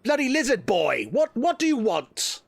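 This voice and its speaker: A man voicing a gruff, blustering male ship captain who swears constantly. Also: extremely high pitch, very animated, moderate pace, no echo, voice pushed up, full character voice.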